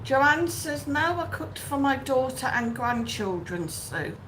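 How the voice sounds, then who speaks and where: A woman's voice: sits high, big pitch swings, slow pace. A woman hosting a casual live stream, greeting viewers by name and chatting through their comments. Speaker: livestream host. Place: outdoors or home in Benidorm. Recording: faint background noise.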